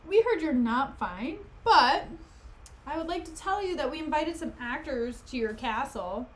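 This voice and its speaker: A woman voicing two nosy young male courtiers with a high, fake-friendly, prying voice. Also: animated, a little slow.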